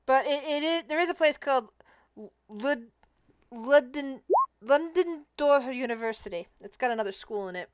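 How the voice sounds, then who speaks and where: A woman's voice: high voice, animated, normal speed, slight background noise. A woman running a tabletop game as game master, thinking aloud as she narrates and often restarting her sentences.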